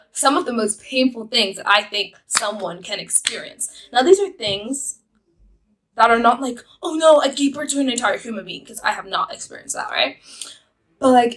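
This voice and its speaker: High, lively, giggly young woman vlogger. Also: rough recording. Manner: giggly, rambling, chatty with many fillers. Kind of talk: casual storytelling to camera.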